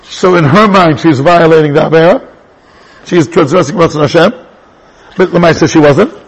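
Man, rabbi teaching a class, animated, high-pitched, raspy. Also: moderate pace, poor audio. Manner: animated, jumps between English and Hebrew terms, restarts sentences. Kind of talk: lively Torah lecture.

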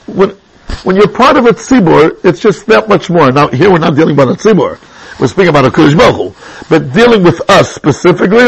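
Casting: male Torah teacher, high pitch, husky, chatty, mixes in Hebrew terms. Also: poor audio. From England. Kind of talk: classroom text lesson.

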